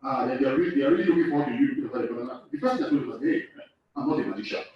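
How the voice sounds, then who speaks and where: A man's voice: mid-range voice, sing-song, rapid-fire, a little hiss or hum. A man from Nigeria giving a live lecture to a hall audience, repeating key phrases and asking the room questions. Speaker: course lecturer. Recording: echoey hall, far off, dull.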